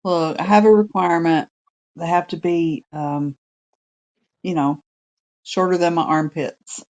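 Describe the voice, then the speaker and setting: Woman, co-host, lowish voice, joking casual chat. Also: steady tone, unhurried, a little mellow. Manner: joking and laughing.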